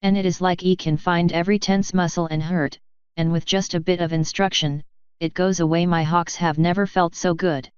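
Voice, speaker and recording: A fussy, slow-talking mare masseuse with a thick French accent, higher and drawn out, as a woman reader puts her on. Her voice stays clean and smooth, though the recording sounds a little dull and dry. It comes from a storybook reading. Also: steady tone, no echo, lightly acted. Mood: blissful.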